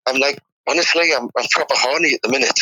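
A man's voice: mid-range voice, quick pace, pushed and bright, husky, no room sound, rough recording. A man with a Teesside accent, rambling bluntly in slangy comic banter. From Teesside, England. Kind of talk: comic banter, improvised sketch.

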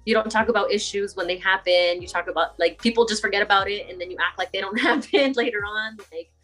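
A woman's voice: mid-range voice, quick pace, a bit bright. A woman talking casually as an interview guest, chatty and laughing often. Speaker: guest poet.

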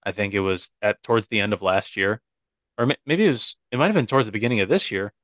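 Teasing young man, mid-pitched. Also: fast talker, a bit bright, dry recording. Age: young adult. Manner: teasing, jokey interjections. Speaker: podcast co-host. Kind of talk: casual chat.

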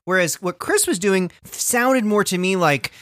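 Lively, animated male podcast host. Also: high-pitched, a little slow, no echo, clean studio sound. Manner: jokey, animated, swears freely. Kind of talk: casual comedy chat.

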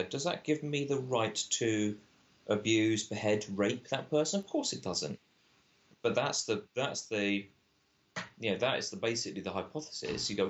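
Low-voiced man, muffled sound. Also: moderate pace. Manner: animated and argumentative, often restarting sentences. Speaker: guest, film director. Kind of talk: casual podcast conversation.

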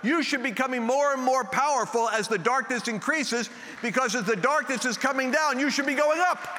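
High bright-voiced preacher in a hall. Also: male voice, a little fast, a faint crowd, a little hiss or hum. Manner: animated, acts out voices in his story. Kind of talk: storytelling sermon.

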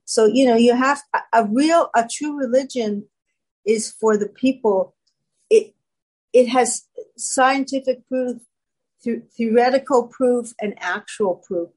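A woman guest telling her personal story in casual talk, animated and acting out quoted voices. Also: on the high side, measured pace, rough recording.

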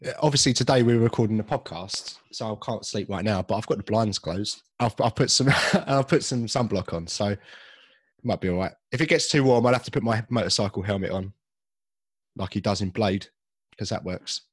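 A man's voice: on the low side, brisk, husky, dry recording, studio quality. A man co-hosting a podcast in casual chat, jokey and rambling about films. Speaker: podcast co-host.

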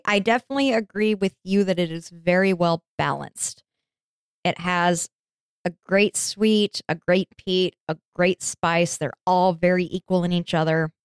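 A woman's voice: fairly low pitch, clean tone, dry recording, studio quality. A woman co-hosting a casual podcast, playful, laughing and frank. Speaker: podcast co-host. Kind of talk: casual chat.

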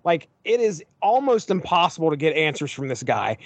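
A man in a casual podcast chat, animated and fond of doing comic voices for characters. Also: a little high, normal speed, creaky, dry recording. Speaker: podcast panelist. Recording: dry, dull lo-fi mic.

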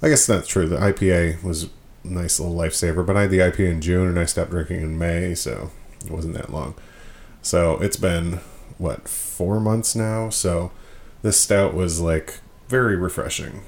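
A man's voice: deep voice, steady tone, normal speed, gravelly, a little mellow. A man from Michigan hosting a podcast in a casual, rambling way, self-deprecating and full of fillers. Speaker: podcast host.

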